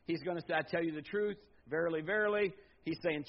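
High-voiced preaching pastor, man. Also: quick pace. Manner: dynamic preaching, swings from loud emphatic to low and quiet. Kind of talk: sermon. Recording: slightly dull lo-fi sound.

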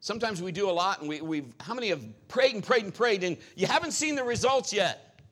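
A male pastor preaching a sermon, telling animated stories and acting out quoted voices. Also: sits high, fairly quick.

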